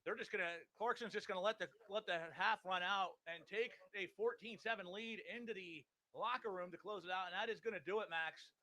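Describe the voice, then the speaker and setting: A man with a high, light voice calls each play of a football game. He delivers downs, yardage and tackles in a brisk, factual way, with no frills. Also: sharp tone. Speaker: play-by-play announcer. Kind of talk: live high school football commentary.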